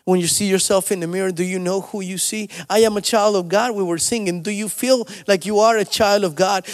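A male pastor preaching a sermon, moving between soft storytelling asides and loud, rising exhortation. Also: high voice, steady tone, fairly quick, in a large hall. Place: church sanctuary.

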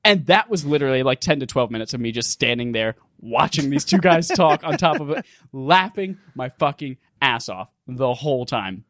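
A man hosting a casual gaming podcast, recounting a game in an animated, profane, laugh-filled way. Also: medium pitch, moderate pace, dry recording, clean studio sound. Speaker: podcast host.

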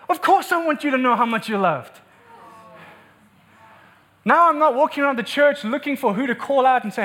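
A man with a very high voice preaches a sermon with passion and urgency. He hammers his points home and repeats words for emphasis. He is speaking to a congregation in a church room. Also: lively intonation, moderate pace, long pauses, bright, forceful tone. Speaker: pastor.

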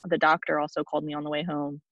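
A young woman shares a painful personal story as a podcast guest, her voice gravelly and held to a narrow, even pitch. She speaks haltingly and often restarts her sentences. The recording sounds dull and lo-fi, with a dry, close sound. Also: no room sound.

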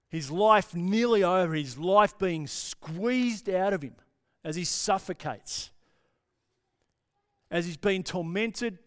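Impassioned male pastor with a clear voice. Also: high-pitched. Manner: impassioned, with dramatic pauses and drops to near-whisper. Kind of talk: sermon.

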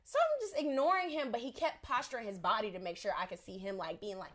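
A woman's voice: fairly high pitch, fast talker. A woman telling a story in casual podcast chat, acting out the people in it. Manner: animated, acts out voices in her story.

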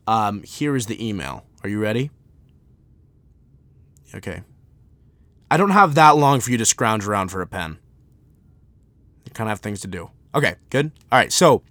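A man's voice: lowish voice, big pitch swings, moderate pace, long pauses, fairly bright tone, no echo. A young man hosting a solo podcast, talking casually in a rambling, jokey way with lots of fillers. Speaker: podcast host.

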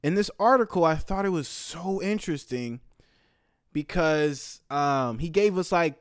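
Man, young, heated, profane, outbursts then mumbles, slightly high voice. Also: a little slow, smooth, no echo, studio quality. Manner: profane, heated, swings from loud outbursts to low mumbling asides. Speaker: commentator. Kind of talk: casual ranting commentary.

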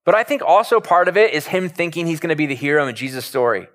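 A male pastor preaches a sermon in an animated, conversational storytelling style, talking fast in a fairly high voice.

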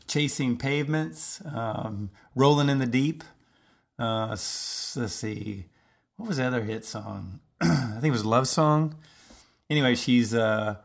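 A man hosting a podcast in a casual, rambling comedic monologue, full of fillers. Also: mid-range voice. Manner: rambling, chatty, lots of fillers. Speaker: podcast host.

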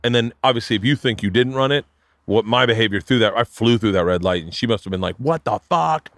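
Profane rambling comedian host. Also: male voice, fairly low pitch, fast talker, no echo. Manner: profane, rambling, animated storyteller who acts out quotes. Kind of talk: casual storytelling chat.

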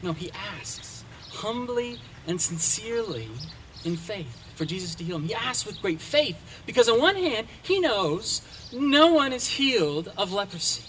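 A man preaching a sermon, retelling a story with dramatic shifts in pace and loudness. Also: sits high, very animated, measured pace, slight background noise. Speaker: pastor.

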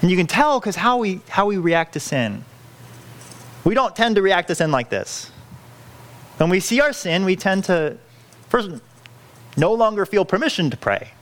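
Earnest male preacher with a lively voice. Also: fairly high pitch. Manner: earnest, pleading, self-correcting with frequent restarts. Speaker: pastor. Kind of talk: sermon.

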